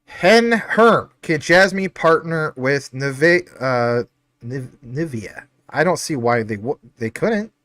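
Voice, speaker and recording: A man's voice: on the high side, expressive, slow pace, fairly bright tone, dry recording. A man hosting a casual livestream, reading out chat comments in an upbeat, chatty, jokey way. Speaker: livestream host.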